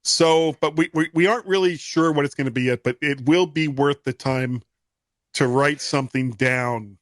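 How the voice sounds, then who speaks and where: A man's voice: on the high side, moderate pace, no room sound, clean studio sound. A man hosting a podcast in casual chat, loose and rambling as he explains. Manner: relaxed, rambling with restarts. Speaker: podcast host.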